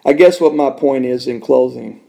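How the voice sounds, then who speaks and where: Gravelly guy telling his faith story in a studio, gets loud then real quiet, emotional. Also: moderate pace. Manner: emotional, swings from loud and high to soft and hushed. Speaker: Christian podcast host giving testimony. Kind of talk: personal testimony.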